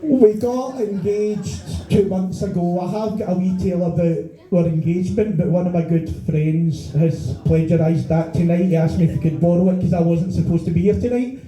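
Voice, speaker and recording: A middle-aged Scottish comedian rants through a stand-up set, firing off exasperated questions and swearing freely. His voice sits high yet sounds dark and heavy. The sound bounces around an echoey bar room. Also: moderate pace, few pauses. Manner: profane ranting, exasperated rhetorical questions. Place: small bar venue stage.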